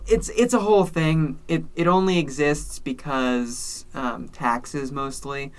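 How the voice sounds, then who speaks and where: A man's voice: a little high, takes it slowly. A man co-hosting a casual chat, explaining things with wry asides and jokes. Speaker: podcast co-host. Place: based in Salt Lake City.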